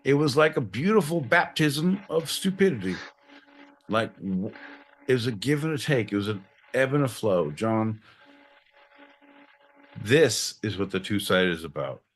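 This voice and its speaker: A man co-hosting a live podcast from Southern California, profane, loud and given to laughing and theatrical outbursts. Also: medium pitch, measured pace, pauses often, a little hiss or hum. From United States. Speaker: podcast co-host. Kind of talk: casual live podcast banter.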